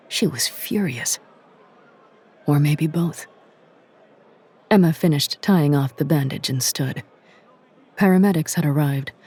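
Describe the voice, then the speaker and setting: Husky, measured audio drama narrator. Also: mid-range voice, darkish tone. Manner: measured, dramatic, drops to a whisper at tense moments.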